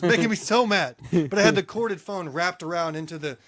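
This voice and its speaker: A man's voice: a little high, fairly quick, fairly bright tone, no echo. A man co-hosting a podcast, chatting casually and telling long stories with frequent laughs. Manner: storytelling, laughs often. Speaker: podcast co-host. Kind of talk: casual chat.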